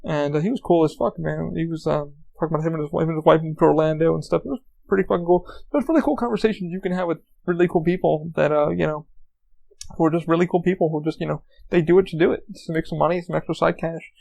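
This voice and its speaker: A man's voice: on the high side, fairly even intonation, fast, gravelly, a little mellow. A man hosting a podcast, telling rambling, profane anecdotes in a casual monologue. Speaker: podcast host.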